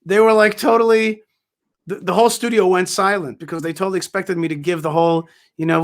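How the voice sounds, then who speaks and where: A man's voice: high voice, expressive, fast talker, fairly bright tone. A man speaking as a guest in conversational storytelling, emphatic and full of restarts and repeated words. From Israel.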